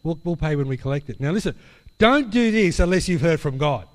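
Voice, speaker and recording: A man preaching a sermon, telling an animated story and acting out the dialogue. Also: fairly high pitch, brisk. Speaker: pastor. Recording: long hall reverb.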